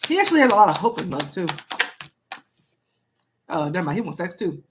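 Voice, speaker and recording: A woman's voice: fairly low pitch, very animated, fairly quick, noisy background. A young woman doing a casual live-stream tarot reading, chatting with viewers and repeating herself.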